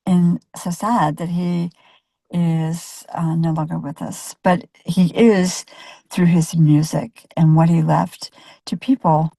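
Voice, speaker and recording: A woman's voice: on the low side, flat delivery, slow, vocal fry, dark tone, husky, no echo. A woman photojournalist telling a personal story in a chatty way, with many fillers and restarts. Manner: chatty, full of fillers and self-corrections. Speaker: photojournalist interviewee. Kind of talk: anecdotal storytelling.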